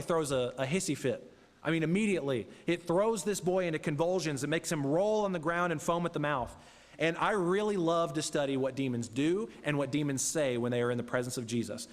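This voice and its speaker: A man delivering a sermon in a church, his fairly high voice ringing out with a long reverb tail behind it. He reads scripture aloud and then unpacks it earnestly for the congregation. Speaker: preacher. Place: church sanctuary.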